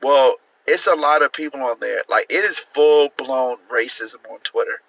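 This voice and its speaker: A man's voice: medium pitch, moderate pace, a bit bright, no room sound. Incredulous man on a lo-fi livestream. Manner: laughing often, incredulous, profane. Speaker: livestream host. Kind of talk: casual livestream chat reacting to posts.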